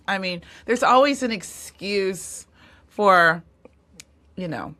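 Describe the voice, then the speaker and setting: A woman's voice: mid-range voice, unhurried, fairly bright tone. A woman hosting a podcast interview, listening attentively with frequent short affirmations and sharing her own family stories. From family from Mississippi. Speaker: podcast host. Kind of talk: casual interview chat.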